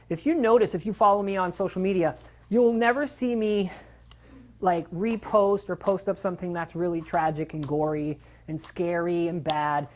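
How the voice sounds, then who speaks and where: Man, middle-aged, dog trainer, live seminar talk, casual, animated, acts out voices, swears for emphasis. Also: high-pitched.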